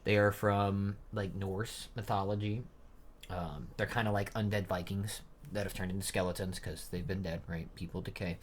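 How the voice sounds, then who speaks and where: A man's voice: low-pitched, level tone, normal speed, a little hiss or hum. A young man reading a manga chapter aloud and chatting about it in a rambling, casual way. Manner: rambling, chatty asides with fillers. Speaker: manga reaction streamer. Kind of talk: casual live reading and commentary.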